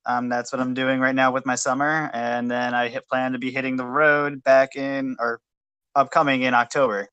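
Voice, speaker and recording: A man's voice: mid-range voice, little pitch movement, normal speed, pushed and bright, clear, resonant tone, dry recording, lo-fi sound. A man speaking as a guest on a casual podcast, laid-back and easygoing.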